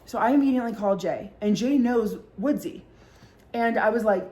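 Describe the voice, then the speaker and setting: A woman's voice: on the high side, normal speed, darkish tone. A woman in a casual storytime chat, rambling with constant fillers and heavy swearing and acting out the voices of people she quotes. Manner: acts out voices in quoted dialogue. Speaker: vlogger.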